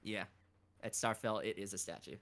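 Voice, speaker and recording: A man's voice: fairly low pitch, fairly even intonation, moderate pace, noisy background. A man chatting on a game livestream, a talkative storyteller who acts out the quotes in his stories. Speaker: guide and fellow voice actor. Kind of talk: casual livestream chat.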